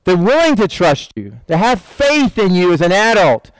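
An older man preaching as pastor, in an animated, conversational style with many asides. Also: high voice, moderate pace, no echo, poor audio. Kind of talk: sermon.

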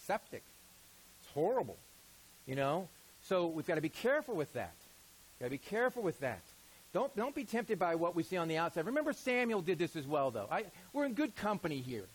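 Casual, higher-voiced male pastor preaching. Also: very animated, a little fast, breathy edge, rough recording. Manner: casual, conversational preaching with asides. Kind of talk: sermon.

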